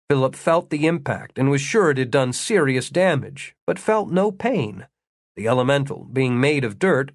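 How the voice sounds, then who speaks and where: A man narrating an audiobook in a steady, wry storytelling manner, slowing down for the descriptive passages. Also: medium pitch, no echo, studio quality. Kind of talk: scripted narration.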